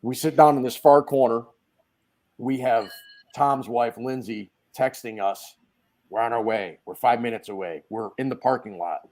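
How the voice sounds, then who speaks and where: A man, a guest on a video call podcast, telling stories in a loud, casual way and acting out the quotes. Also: medium pitch, normal speed. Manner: animated storyteller, acts out quotes, swears casually. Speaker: guest, dent repair tech. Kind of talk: casual storytelling chat.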